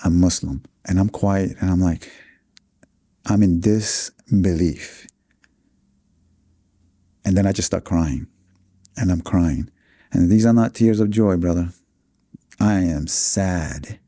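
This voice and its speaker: Brief: New man, forties, interview guest telling his story; low, dark, mellow voice, dry close sound, earnest and halting. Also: no echo. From New York City, USA. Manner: earnest, with many fillers and restarts.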